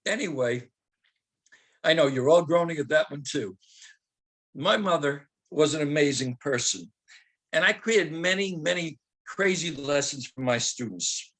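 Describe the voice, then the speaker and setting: A man in his seventies, a retired teacher, telling personal stories with humor and slowing into dramatic readings. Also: fairly high pitch, a bit bright. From Germany. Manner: humorous, anecdotal, slows to dramatic recitation.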